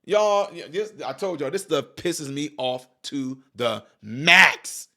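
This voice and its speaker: High-voiced guy ranting at his viewers, fiery preachy commentary, keeps firing questions at y'all. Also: expressive, slow pace, vocal fry, bright, forceful tone. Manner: addresses viewers directly as y'all. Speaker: political commentator. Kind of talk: reaction commentary.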